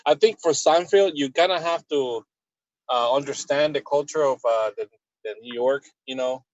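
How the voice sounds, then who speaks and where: A man hosting a casual podcast chat in a relaxed, sometimes sarcastic manner. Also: medium pitch, moderate pace, no echo. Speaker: podcast host. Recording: slightly dull, lo-fi.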